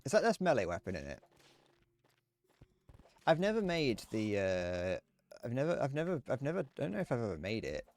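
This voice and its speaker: A man's voice: mid-range voice, wildly swooping pitch, brisk, pauses often, a little mellow, faint music behind. A young man streaming a game, rambling casually with frequent restarts and chuckles. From Britain. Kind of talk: casual gameplay commentary.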